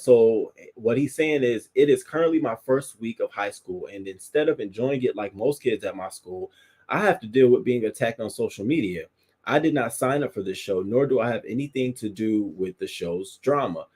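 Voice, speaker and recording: A man's voice: mid-range voice, dark tone. A man hosting a casual commentary show, chatting in a loose, profane way at his desk mic. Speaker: host.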